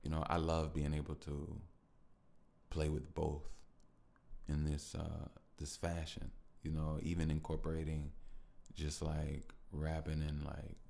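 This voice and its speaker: A man's voice: a bass voice, completely flat delivery, measured pace, creaky, dark tone. A man hosting a podcast on his own, talking to listeners in a reflective, emotional way, often repeating himself and thanking them. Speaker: podcast host. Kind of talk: reflective solo podcast talk.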